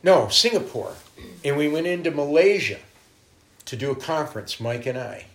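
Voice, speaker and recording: A middle-aged man, a traveling minister, telling lively stories in a conversation and acting out the people he quotes. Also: on the high side, moderate pace. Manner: animated, laughing, acts out quoted voices. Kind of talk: storytelling in a conversation.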